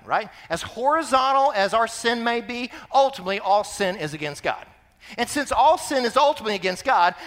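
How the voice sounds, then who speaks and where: A male pastor preaching a sermon in an animated way, full of rhetorical questions. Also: high-pitched, in a large hall.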